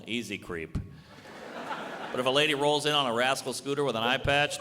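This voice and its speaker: A man in his thirties doing a stand-up comedy set, with a brash and animated delivery that breaks into shouted punchlines. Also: mid-range voice, a little fast. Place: large hall with live audience. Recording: echoey hall, audience noise.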